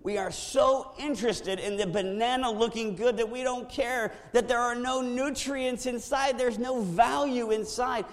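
A male pastor preaching a sermon in a church, animated and storytelling with impressions. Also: very high-pitched, unhurried, hardly any pauses, big-room sound.

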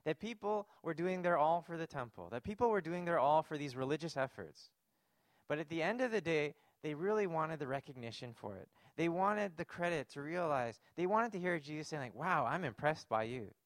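A man's voice: on the high side, lively intonation, brisk, no room sound, studio quality. A man preaching a sermon, earnest and emphatic, posing rhetorical questions to his congregation. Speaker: pastor.

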